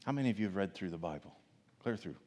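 A man preaching a sermon, swinging from loud emphatic questions to soft, low asides. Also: animated, racing. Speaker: pastor. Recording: long reverb of a large hall.

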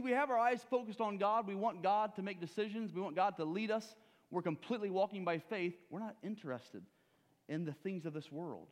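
A man preaching a sermon, swinging from loud urging to hushed low asides, with rhetorical questions and acted-out stories. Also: in a large hall.

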